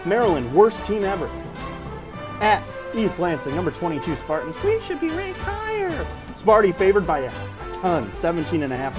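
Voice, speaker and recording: A man hosting a casual sports podcast, joking and teasing as he runs through game picks. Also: fairly high pitch. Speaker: podcast host.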